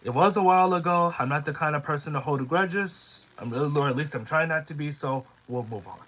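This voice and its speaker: A man's voice: fairly high pitch, a little fast, fairly bright tone, poor audio. Rambling young man chatting on stream. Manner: rambling, reads chat comments aloud, many restarts and fillers. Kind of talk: casual live-stream chat.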